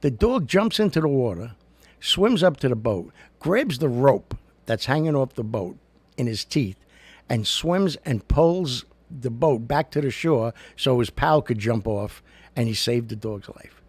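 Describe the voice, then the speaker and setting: A man's voice: mid-range voice, expressive, a little slow, darkish tone, breathy edge, no echo. A man hosting a casual talk show, chatting in a loose, jokey way with an American accent and lots of fillers. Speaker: show host.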